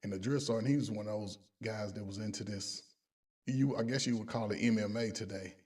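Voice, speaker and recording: A man's voice: on the low side, a little fast, a little mellow, slightly rough, recorded from a distance. A man, a coach, casually telling profane stories, laughing along and quoting other people in his own voice. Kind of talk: casual storytelling.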